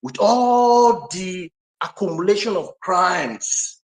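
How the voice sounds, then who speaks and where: A man's voice: high-pitched, slow pace, poor audio. A man speaking on an online discussion panel, telling stories animatedly and laughing often. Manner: animated, excitable storyteller who laughs often.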